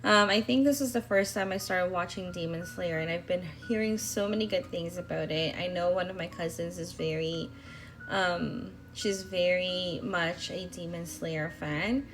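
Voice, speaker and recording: A woman's voice: on the low side, normal speed, slight background noise. A young woman talking casually in a voice-over about her planner spreads, rambling with fillers and restarts. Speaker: planner vlogger.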